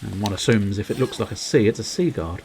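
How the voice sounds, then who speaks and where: Rambling, low-voiced male game streamer. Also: fast talker, creaky, a little mellow, a little hiss or hum, rough recording. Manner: rambling, playful innuendo, chats to viewers. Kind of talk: casual livestream commentary.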